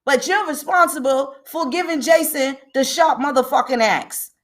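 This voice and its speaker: A woman's voice: high voice, moderate pace. A woman hosting a livestream, ranting emphatically with a lot of profanity and greeting viewers by name. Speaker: livestream host. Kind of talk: livestream commentary.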